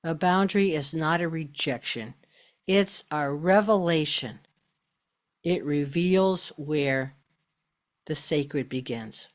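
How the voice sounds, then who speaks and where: A woman's voice: sits low, takes it slowly. A middle-aged woman hosting a spoken talk on self-love, chatty and emphatic. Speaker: host.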